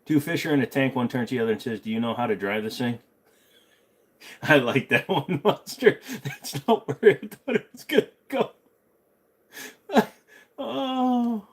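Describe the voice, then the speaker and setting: A middle-aged man hosting a casual livestream, answering chat with blunt jokes and humming between topics. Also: fairly low pitch. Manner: blunt, joking, trails off into humming.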